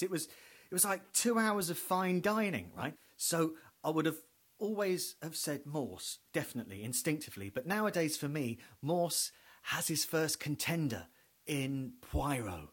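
Man, comic monologue, wry, digressive, fairly high voice, very lively pitch. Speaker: comedian.

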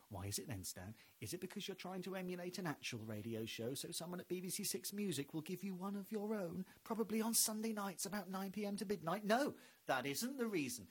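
A man from England hosting a podcast, delivering a rambling, wry comic monologue that builds to shouted bits. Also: mid-range voice, breathy edge. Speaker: podcast host.

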